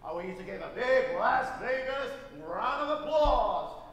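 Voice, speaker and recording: An actor playing a showy male stage announcer in Las Vegas, with booming, drawn-out showman announcing. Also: lively intonation, a bit bright, very echoey, in a large hall, slight background noise, full character voice. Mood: grandiose. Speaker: show announcer.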